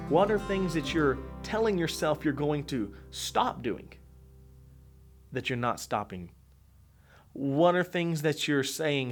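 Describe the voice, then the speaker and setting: A man speaking as a motivational coach, talking earnestly and conversationally and repeating phrases for emphasis. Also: on the high side. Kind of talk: motivational monologue to camera.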